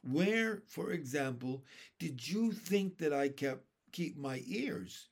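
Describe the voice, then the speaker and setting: A man voicing a gentle old grasshopper. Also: a little high, animated, takes it slowly, creaky, heavily acted. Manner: kindly, lecturing, proud. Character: old green male grasshopper, gentle and wise.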